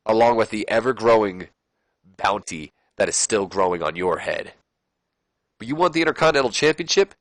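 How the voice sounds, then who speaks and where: A sneering, cocky wrestling champion, as a man puts him on threatens his challenger. The voice is lowish and dry, pressing each line with quiet menace. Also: expressive, normal speed, dry recording. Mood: menacing.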